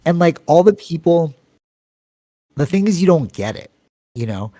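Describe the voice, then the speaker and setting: A man's voice: sing-song, moderate pace, warm tone, no echo. A man with a Canadian accent, co-hosting a podcast, telling long rambling stories full of fillers and acting out other people's voices. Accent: Canadian English. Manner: long-winded, rambling storytelling with many fillers; acts out quoted voices with sudden pitch jumps. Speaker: podcast co-host. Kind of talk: casual podcast chat.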